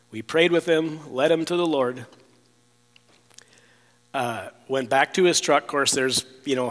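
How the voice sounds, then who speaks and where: A man's voice: mid-range voice, fairly bright tone. Man telling a testimony, rambling, echoey hall. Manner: rambling, repeats words, many fillers and restarts. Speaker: storyteller sharing a testimony. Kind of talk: casual spoken testimony.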